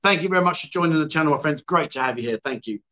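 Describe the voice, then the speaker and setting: A man's voice: on the high side, lively intonation, rapid-fire, pushed and bright, poor audio. A man hosting a casual livestream, reading out viewer comments and teasing his guests. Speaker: livestream host.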